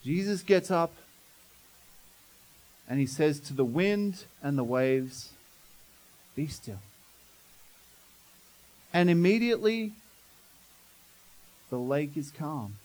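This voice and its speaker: A man's voice: a little high, expressive, takes it slowly, pauses often, a little mellow, rough recording. A man preaching a sermon as pastor, telling the story dramatically and asking the congregation questions.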